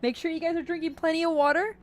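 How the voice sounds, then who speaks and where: A woman's voice: very high-pitched, steady tone, quick pace. A woman streamer chatting casually with her viewers, talking loosely with lots of "like" and "dude". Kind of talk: casual livestream chat while reading a game story.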